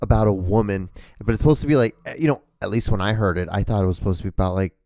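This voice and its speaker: Low-voiced profane rambling man. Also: very fast, dark tone, no room sound. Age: 30s. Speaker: show host. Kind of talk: casual rambling monologue.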